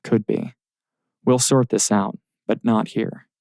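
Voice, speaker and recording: A man voicing a tough, protective undercover operative in an audiobook, speaking in gruff, clipped commands. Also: on the low side, level tone, slow pace, darkish tone, no room sound. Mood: firm.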